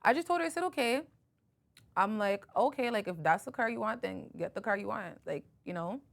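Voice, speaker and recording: A woman talks through a personal story on her podcast in a loose, chatty way. She acts out both sides of a phone conversation and fills her speech with "like" and "you know.". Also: mid-range voice. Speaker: podcast host. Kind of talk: casual storytelling chat.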